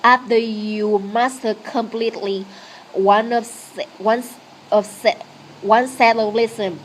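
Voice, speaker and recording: Slow, repetitive woman teaching English. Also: fairly high pitch, fairly even intonation, slight background noise. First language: Vietnamese. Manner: slow, repetitive, encouraging phrasing. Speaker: language teacher. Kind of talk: slow English lesson monologue.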